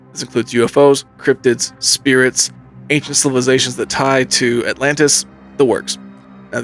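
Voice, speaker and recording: Telling an eerie true tale, this man hosts a podcast with casual, animated delivery and suspenseful pauses. His voice falls in the mid range.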